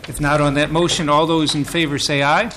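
Formal, higher-voiced committee chairman. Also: little pitch movement, brisk, very noisy. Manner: formal, procedural, dry joking. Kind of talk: chairing a legislative committee hearing.

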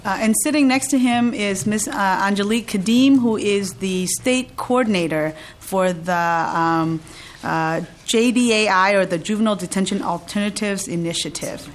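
A woman senator runs a committee hearing at a middle pitch, her formal remarks dotted with ums and uhs and a light joke now and then. She speaks into a table microphone in a hearing room, with a faint hum of ambience behind her. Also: normal speed. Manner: frequent fillers, warm joking welcome.

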